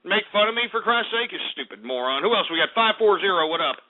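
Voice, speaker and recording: A man's voice: high voice, lively intonation, fast talker, noisy background. A man hosting a call-in radio show, ranting angrily at callers with lots of swearing and stammered restarts. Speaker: radio talk show host. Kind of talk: angry call-in show rant. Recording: lo-fi phone-like audio.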